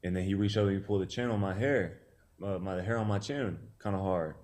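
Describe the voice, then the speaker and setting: Deep, mellow-voiced man telling a story. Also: fast. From Tennessee. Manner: laid-back, many "you know" fillers, acts out quoted dialogue. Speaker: boxer, interview guest. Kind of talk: casual storytelling interview.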